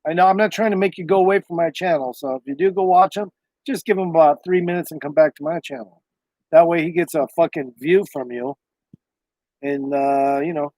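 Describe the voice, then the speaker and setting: Streamer type: higher-voiced man, casual and cussing, dry close-mic home recording. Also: fairly quick, darkish tone, dry recording. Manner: loose, profane, meandering talk. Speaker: livestreamer. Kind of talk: casual rambling livestream chat.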